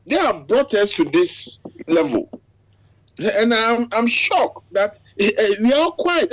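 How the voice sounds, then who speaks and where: Impassioned high-voiced Ghanaian man. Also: big pitch swings, slow, fairly bright tone, no room sound, low-quality recording. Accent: Ghanaian English. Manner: impassioned, repetitive, keeps addressing the other man. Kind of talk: online video call discussion. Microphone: video call.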